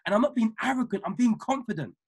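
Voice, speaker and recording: A man giving an emphatic, repetitive motivational talk to his trading mentees over a video call, building from calm to fiery. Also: extremely high pitch, fast talker, breathy edge. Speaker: trading mentor.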